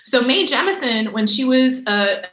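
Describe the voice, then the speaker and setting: Lively, bright-voiced woman teacher. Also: high voice, unhurried, echoey room, rough recording. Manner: animated, chatty, playful. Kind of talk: remote lesson for kids. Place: room at home.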